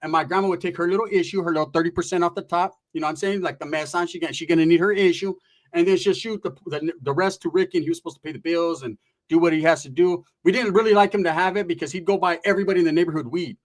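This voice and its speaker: A man's voice: on the high side, racing. A man telling a comedic story with profane street slang and loose, chatty asides. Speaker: stand-up storyteller.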